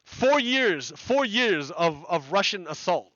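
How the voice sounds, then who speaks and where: Man ranting heatedly, bright high voice. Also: very animated, slow, no room sound, highs cut off. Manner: heated, repetitive, swears. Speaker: video game streamer commenting on news. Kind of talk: casual rambling commentary.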